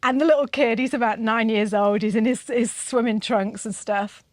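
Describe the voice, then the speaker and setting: Chatty lady host rambling through a story, high voice, dry close sound. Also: fairly even intonation, normal speed, no room sound. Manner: chatty, rambling, lots of fillers. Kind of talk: casual storytelling chat.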